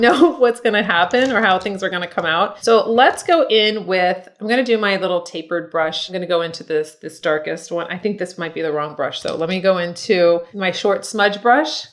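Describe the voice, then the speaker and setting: A middle-aged woman walks through her makeup routine in a loose, chatty way. She is a makeup artist who keeps encouraging her viewers, addressing them as ladies. Her voice sits close to the camera mic. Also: fairly low pitch. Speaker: makeup artist and beauty vlogger. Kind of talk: casual makeup tutorial talk.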